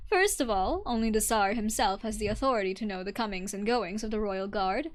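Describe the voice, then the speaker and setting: A woman's voice: medium pitch, brisk, close to an everyday voice. A woman voicing a proud, formal female imperial guard sergeant who speaks with guarded politeness. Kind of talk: reading a game story aloud on stream.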